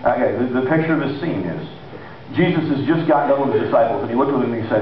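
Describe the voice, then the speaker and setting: A man preaching a sermon in a conversational, animated way, acting out the people he quotes. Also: medium pitch, very fast, slight background noise. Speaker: pastor. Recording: echoey hall, distant mic, lo-fi.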